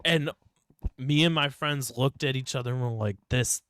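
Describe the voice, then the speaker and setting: A man's voice: mid-range voice, moderate pace, a bit bright, clear, resonant tone, no echo, clean studio sound. A young man from Ohio, co-hosting a podcast, telling rambling stories full of swearing. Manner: profane, rambling storytelling with frequent swearing. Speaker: podcast co-host. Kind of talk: casual chat.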